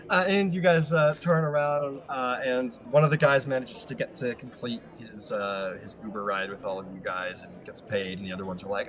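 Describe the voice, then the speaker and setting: A man's voice: mid-range voice, fairly even intonation, moderate pace, few pauses, fairly bright tone, low-quality recording. A man narrating as game master, rambling and hedging with lots of fillers.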